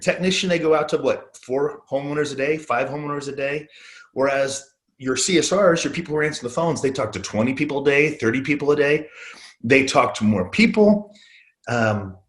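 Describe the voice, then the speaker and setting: A middle-aged man giving a sales training talk, earnest and motivational, repeating his key phrases. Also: medium pitch.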